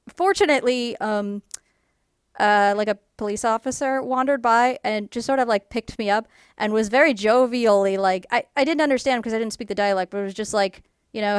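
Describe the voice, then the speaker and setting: Smooth-voiced woman telling a rambling story. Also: fairly high pitch, a little fast, no echo, studio quality. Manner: rambling, full of "like" and "um", animated when quoting people. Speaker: YouTuber. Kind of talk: casual storytelling to camera.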